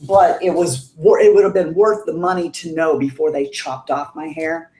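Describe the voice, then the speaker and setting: A woman's voice: low-pitched, moderate pace, echoey room. A middle-aged woman telling a story in a casual livestream chat, laughing often and acting out what others said. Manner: chatty, laughs often, animated quoting. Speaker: guest on a livestream.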